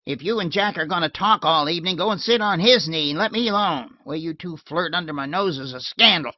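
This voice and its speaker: Irritable grown husband read by a man, gruff, raised voice, dry lo-fi sound. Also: on the high side, animated, normal speed, no echo, voice pushed up, close to an everyday voice. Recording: dull lo-fi dry recording.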